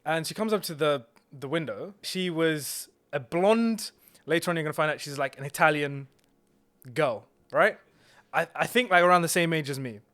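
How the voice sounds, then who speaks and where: A young man tells a story in a casual, rambling way, full of fillers and restarts. His voice sits somewhat high for a man. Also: moderate pace, fairly bright tone. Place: indoors on a couch.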